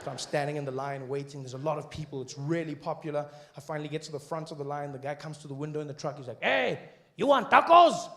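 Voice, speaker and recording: A man in his thirties with a South African accent, performing stand-up comedy and telling stories in an animated way that rises to loud punchlines. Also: fairly high pitch, rapid-fire, few pauses.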